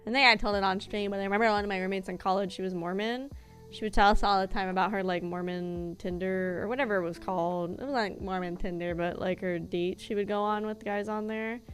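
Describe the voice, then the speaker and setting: A young woman streamer who talks non-stop while gaming, loose and rambling, with a casual curse now and then. Her pitch sits in an ordinary middle range. Faint game music plays under her voice. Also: steady tone, quick pace. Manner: chatty, rambling, casually profane.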